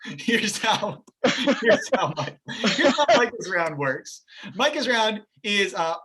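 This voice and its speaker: A man's voice: high-pitched, sing-song, slow pace, pushed and bright. A man hosting a livestreamed game show over a video call, upbeat and jokey.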